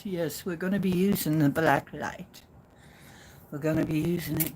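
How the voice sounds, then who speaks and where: A woman with a flat Midwestern accent hosting a casual livestream, rambling and teasing herself playfully. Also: deep voice, measured pace. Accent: Midwestern American. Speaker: livestream host.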